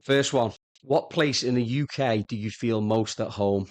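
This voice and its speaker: A man hosting a podcast, asking quick-fire questions with blunt teasing. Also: mid-range voice. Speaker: podcast host.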